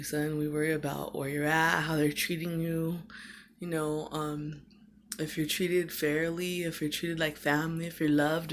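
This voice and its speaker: A woman's voice: low-pitched, slight background noise. A middle-aged woman recording a personal video message to her absent son, talking in a rambling, heartfelt way with lots of fillers.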